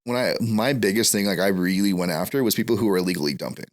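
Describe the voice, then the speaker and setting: A young man chats easily as a podcast guest, his low voice moving at a quick clip. He is laid back and rambling, restarting and repeating words as his stories unfold. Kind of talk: casual podcast chat.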